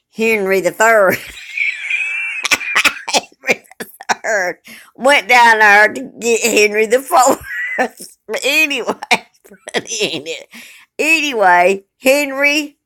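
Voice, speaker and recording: A woman's voice: deep voice, fairly bright tone. Folksy older woman storyteller. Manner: chatty, folksy, dramatic asides. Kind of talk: casual personal storytelling.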